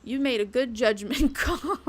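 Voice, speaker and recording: A woman's voice: high-pitched, takes it slowly. A woman streaming a game, ranting in casual chat, blunt and rambling, swearing often and laughing between lines. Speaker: VTuber streamer. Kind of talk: casual live-stream rant while gaming.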